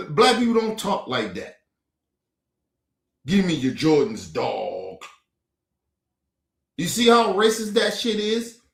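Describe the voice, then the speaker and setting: A man's voice: high-pitched, fairly bright tone. Indignant, swearing man in echoey room. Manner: indignant, blunt, heavy swearing. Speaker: streamer reacting to clips. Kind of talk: casual profane commentary. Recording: roomy echo.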